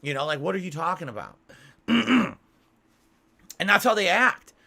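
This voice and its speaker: A man's voice: sits high, very animated, a little slow, vocal fry, sharp tone. A man ranting in a monologue as a YouTuber, exasperated, repeating himself and swearing.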